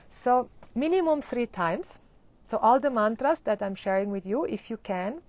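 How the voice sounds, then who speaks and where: A woman's voice: medium pitch, creaky, darkish tone. A woman teaching a live-streamed mantra lesson, explaining and chanting with laughter. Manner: acts out groggy morning complaints. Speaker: spiritual teacher.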